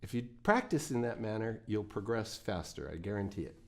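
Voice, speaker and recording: This man's voice is on the low side, and he talks briskly and with animation while teaching guitar. He guides students through picking drills plainly and encouragingly, dropping in the odd folksy quip.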